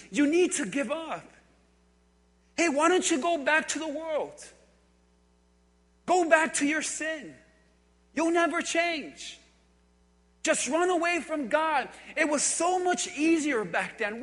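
Man doing a scornful, coaxing devil voice, high, slow, echoing in a hall. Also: fairly bright tone, heavily acted. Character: taunting accusing male devil voice. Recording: echoey hall.

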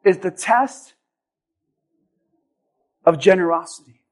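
A man preaches to his congregation in a strikingly high voice. He is impassioned, often shouting and slowing his words down to drive a point home. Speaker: pastor. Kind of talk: sermon. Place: church.

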